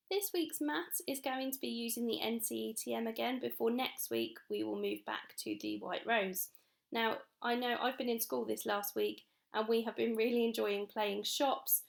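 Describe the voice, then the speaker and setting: An English woman teacher with a high, bright voice and a gravelly edge. She talks young children through their lessons, upbeat and encouraging, clear and slow when she explains. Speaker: primary school teacher. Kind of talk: recorded home-learning lesson for young children.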